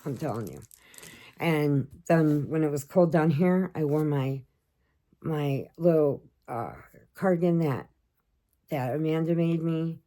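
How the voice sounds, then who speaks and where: Middle-aged woman vlogger, low-pitched, chatty storyteller, casual to camera. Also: measured pace. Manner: chatty storyteller, animated quoting of others. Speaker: crochet vlogger.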